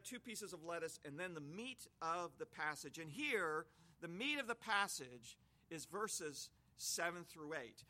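A man's voice: high voice, pushed and bright. A man preaching an expository sermon, reading scripture aloud and explaining it with homely images.

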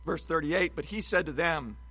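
A man preaching an expository Bible sermon, teaching in a measured, emphatic way. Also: a little high, a bit bright, husky.

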